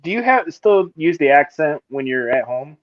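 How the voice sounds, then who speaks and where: A man's voice: fairly high pitch, big pitch swings, normal speed, no room sound. A man co-hosts a casual stream, talking in rambling, enthusiastic bursts. His voice comes through a dull, lo-fi mic with a dry, close sound. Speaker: podcast co-host.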